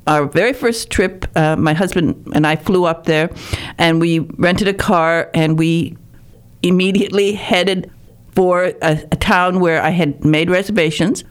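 A woman's voice: on the low side, measured pace. A woman host who gushes about her guest, often stumbling and restarting her sentences. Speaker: podcast host. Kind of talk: warm chatty interview.

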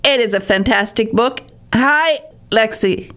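A woman's voice: a little high, a little slow, fairly bright tone. A woman host who gushes about her guest, often stumbling and restarting her sentences. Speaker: podcast host. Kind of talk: warm chatty interview.

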